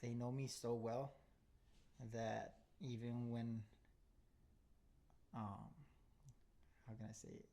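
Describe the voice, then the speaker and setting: A young man talking easily on a podcast, relaxed and unhurried. His voice sits at an ordinary middle pitch. He fills pauses with "um" and "bro" and laughs often. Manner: laid-back, says "bro" and "um" a lot, laughs often. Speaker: podcast host. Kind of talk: casual podcast chat.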